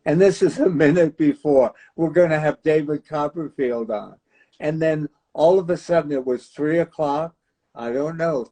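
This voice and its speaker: A man's voice: fairly high pitch, normal speed, mellow, poor audio. A man in his nineties hosting a casual livestream chat, chatty and laughing often as he tells stories. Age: 90s. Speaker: host.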